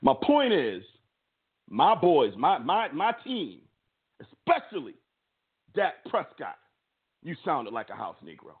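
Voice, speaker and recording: A man co-hosting a sports podcast, delivering a heated, emphatic opinion rant with a husky voice and stammering restarts. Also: on the high side, wildly swooping pitch, slow pace, pauses often. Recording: tinny phone-like audio.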